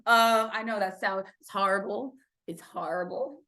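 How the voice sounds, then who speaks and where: An American woman hosting a casual monologue, chatty and blunt, swearing freely and dropping from loud remarks to hushed asides. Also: mid-range voice, moderate pace. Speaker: host.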